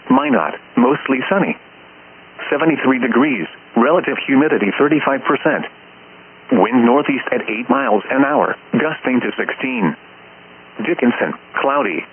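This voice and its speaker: A man's voice reading an automated weather report in short, clipped, even phrases. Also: medium pitch, creaky. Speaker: weather broadcast voice. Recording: tinny radio broadcast with faint hiss.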